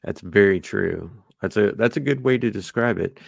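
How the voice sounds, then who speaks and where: A man co-hosting a podcast in relaxed, casual chat, now and then acting out quoted lines. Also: on the low side, moderate pace, gravelly, no room sound, studio quality. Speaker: podcast co-host.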